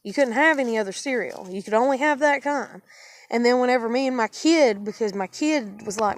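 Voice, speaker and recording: A woman vlogger in her living room vents at length in a casual video monologue, angry and swearing freely. Her voice sits on the high side, animated and fairly quick, with a little hiss or hum on the recording.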